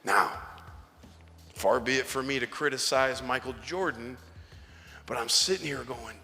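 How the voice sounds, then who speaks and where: A man's voice: mid-range voice, unhurried, long pauses. Youth pastor, male, preaching casually with punchy emphasis; long hall reverb. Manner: casual, slangy preaching that swings from hushed asides to emphatic calls. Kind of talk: sermon.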